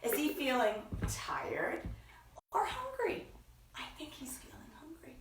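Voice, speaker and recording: A woman hosting a children's story time, reading picture books aloud in an expressive sing-song way with gasps and acted voices. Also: sits high, unhurried, noisy background. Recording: echoey room, from far off.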